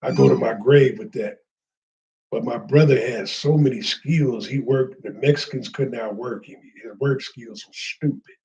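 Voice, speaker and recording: A man's voice: mid-range voice, a little slow, gravelly, mellow, highs cut off. A man telling a heartfelt personal story in a rambling, casual way, with street slang.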